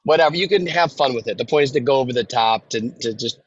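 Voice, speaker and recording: A man's voice: medium pitch, quick pace, slightly rough, no echo. A male podcast host talks through a video call in a rambling, restart-filled way. The sound is dry and a little dull. He sounds at ease in casual chat. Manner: warm-hearted, rambling with many restarts and fillers.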